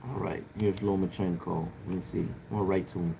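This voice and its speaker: A man's voice: low-pitched, flat delivery, brisk, vocal fry, noisy background. A man on a live stream, rambling loosely to his viewers with plenty of filler and swearing. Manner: rambling, talks straight to viewers in chat; loose and profane, lots of filler. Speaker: livestreamer. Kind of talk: casual livestream chat.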